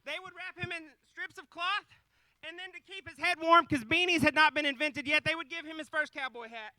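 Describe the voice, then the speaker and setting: A man's voice: very high voice, fairly quick, pushed and bright, no room sound, rough recording. A man in his thirties telling a folksy, joking nativity story to a live audience, with asides to the crowd. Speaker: storyteller on stage. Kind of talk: comic live retelling of the nativity.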